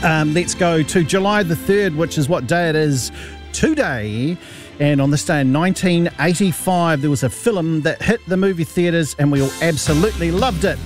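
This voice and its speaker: Brief: jokey New male radio host, slightly high voice, music bed running beneath. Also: moderate pace. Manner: playful, easily sidetracked, jokey. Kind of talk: casual radio chat.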